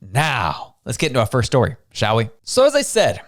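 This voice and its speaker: A man's voice: medium pitch, huge pitch swings, moderate pace. A man from Canada hosting a show, giving casual news commentary in a conversational way, full of rhetorical questions. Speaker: show host.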